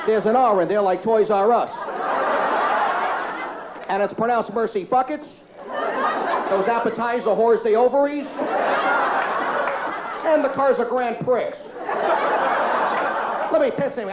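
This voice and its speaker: A man doing a brash, loud stand-up comedy routine in a comedy club. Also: sits high, heavy background noise. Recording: echoey club, lo-fi tape, loud crowd.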